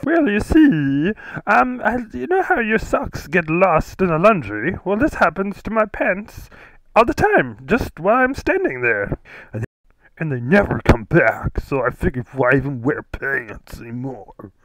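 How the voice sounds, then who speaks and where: A man's voice: sits high, sing-song, a little slow, fairly bright tone, no room sound, full character voice, low-quality recording. A man doing a rambling guest whose clothes vanish. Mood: earnest rambling. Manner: earnest, rambling, giggly. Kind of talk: improvised comedy sketch.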